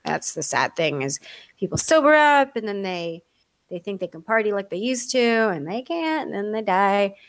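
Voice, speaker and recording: A middle-aged woman in casual talk, telling stories with big swings of pitch and acting out every voice in them. The sound is dry and close, with no room around it. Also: normal speed, no echo. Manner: animated storyteller, acts out quoted voices, laughs often. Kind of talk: casual chat.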